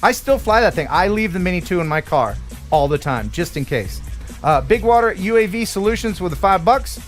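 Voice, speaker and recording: A man's voice: sits high, sing-song, a little fast, soft background music. A man hosting a live stream, joking casually and reading out donations with an upbeat lift. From USA. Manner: jokey, chatty, reads names with upbeat lift. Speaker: livestream host.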